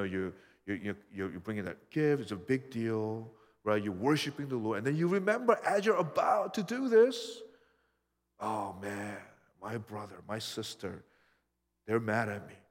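A man delivering a sermon with long hall reverb trailing his words. His delivery is emphatic, sinking to quiet, low stretches and then climbing loud and high for emphasis. His pitch sits mid-range for a man. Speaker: pastor.

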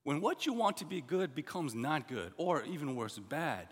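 A middle-aged man preaching a sermon as pastor, earnest and animated, with many restarts and asides. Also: on the high side, normal speed, few pauses, husky. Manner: animated, earnest, with frequent restarts and "you know". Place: church sanctuary. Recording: long hall reverb.

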